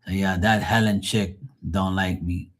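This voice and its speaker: A man's voice: low-pitched, fairly even intonation, unhurried, fairly bright tone, slight background noise. A man doing a live tarot stream, ranting in a profane, mocking, rambling way to his chat.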